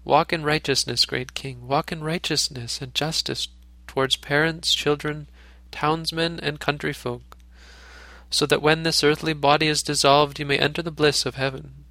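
A man voicing a noble, selfless male deer king in a storybook reading, speaking in a calm, gentle, pleading way. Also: on the high side, moderate pace, no echo. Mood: solemn.

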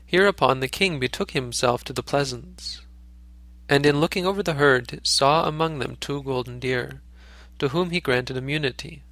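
Bright-voiced man reading a fable. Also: medium pitch, dry recording. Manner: measured, occasional self-corrections. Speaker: storyteller.

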